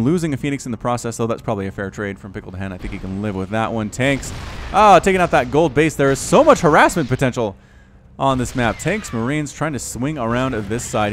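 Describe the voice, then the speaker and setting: Excitable man casting a strategy game. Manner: excitable, rises sharply in pitch and volume at big plays. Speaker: game caster. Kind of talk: video game commentary. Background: faint background music.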